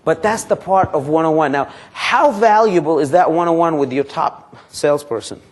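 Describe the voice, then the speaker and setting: A man leading a live sales training seminar, quizzing his audience and acting out sample calls to customers and banks. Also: moderate pace. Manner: energetic, quizzes the audience with questions; acts out sample phone calls and pitches.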